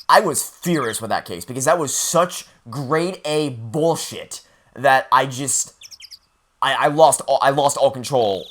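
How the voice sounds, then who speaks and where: A man's voice: medium pitch, a bit bright, slight background noise. A man playing a video game, reading its lines aloud and adding blunt, sarcastic remarks that turn angry. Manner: blunt, sarcastic and easily riled. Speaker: let's play gamer.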